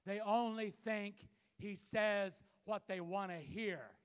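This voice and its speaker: A man preaching a sermon as pastor, building to shouted emphasis, recorded in a church. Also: sits high, fairly even intonation, slow, clear, resonant tone. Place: church sanctuary. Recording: long hall reverb.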